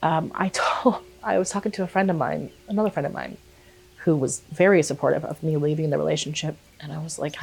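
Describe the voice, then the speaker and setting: A young woman vlogger telling a personal story in a casual way, animated and swearing freely, acting out quotes. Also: low-pitched, a little fast, creaky, slightly rough.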